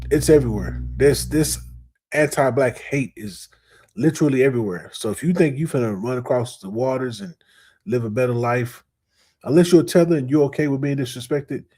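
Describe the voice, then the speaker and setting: A man hosting a reaction commentary show, talking in a slangy, animated way straight to his audience. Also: mid-range voice, slightly rough. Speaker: host.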